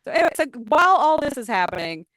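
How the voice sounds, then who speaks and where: A woman's voice: high-pitched, big pitch swings, rapid-fire, a bit bright, no room sound, rough recording. A woman co-hosting a podcast, chatting casually and animatedly retelling scenes, acting out the characters' lines with lots of laughter. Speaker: podcast co-host. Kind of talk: casual recap chat.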